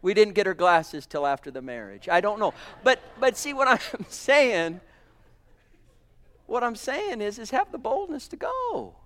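A man preaching a sermon, fervent, swinging between loud exclamations and hushed asides. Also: high voice, big pitch swings, a little slow.

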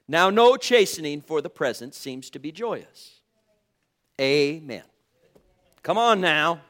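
A man preaching a sermon, fervent, swinging from loud exclamations to hushed asides and calling out to the congregation. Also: fairly high pitch. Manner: calls out to the congregation and chuckles often.

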